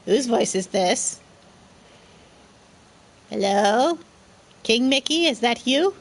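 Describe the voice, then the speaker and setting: A woman streaming a game live, playful and jokey, reacting excitably as she plays. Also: fairly high pitch, slow, long pauses. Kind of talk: live game stream, reading dialogue aloud.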